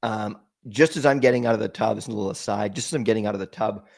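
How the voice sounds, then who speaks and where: A man, a podcast guest, telling an emotional personal story in a halting way, with frequent restarts and repeated words. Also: fairly low pitch, gravelly, a little mellow.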